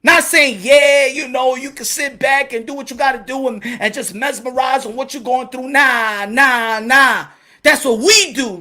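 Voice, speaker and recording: A very high-pitched man fronts a boxing channel, giving an impassioned monologue to the camera. He preaches fervently in blunt street slang and often breaks into shouts.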